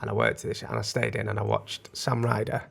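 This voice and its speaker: Podcast co-host: man, 30s, gravelly, rambling chatty delivery. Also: on the low side, sing-song, brisk, noisy background. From North West England. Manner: chatty and rambling, restarts often. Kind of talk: casual chat.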